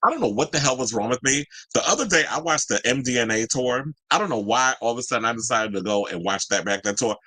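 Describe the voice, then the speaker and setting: A man in his forties hosting a casual pop-culture chat, sassy and animated, swinging his pitch up into exclaimed asides. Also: fast, few pauses, dry recording. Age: 40s. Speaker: podcast host.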